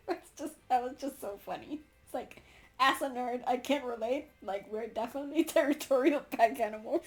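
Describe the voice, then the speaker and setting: A woman's voice: sits high, normal speed, faint music behind. A young woman vlogging a casual book review, gushing and laughing often, with many fillers. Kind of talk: casual book review with read-aloud passages.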